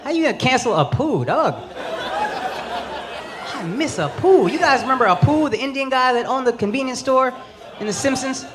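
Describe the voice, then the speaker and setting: A man's voice: very high voice, animated, moderate pace, pauses often, noisy background. A man in his thirties doing a stand-up set, brash and punchy, swearing freely and slipping into acted-out voices. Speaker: stand-up comedian. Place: comedy club stage before a laughing audience. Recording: live show with loud crowd laughter. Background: loud audience laughter and cheering.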